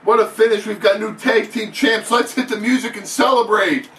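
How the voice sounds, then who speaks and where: A man doing excitable, profane mock wrestling play-by-play commentary in an announcer's patter. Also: sits high, normal speed, recorded from a distance, soft background music. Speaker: channel host. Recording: echoey room, off-mic, faint noise.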